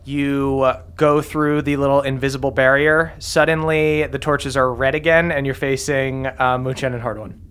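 A man's voice: medium pitch, level tone, moderate pace, hardly any pauses, a bit bright, clear, resonant tone. A man narrating as game master of a tabletop game, often laughing as he describes what happens.

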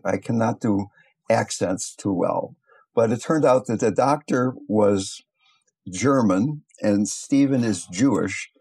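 An older man teaching meditation, telling stories in a calm, unhurried, reflective way. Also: on the low side, vocal fry, breathy edge. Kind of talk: teaching talk with storytelling.

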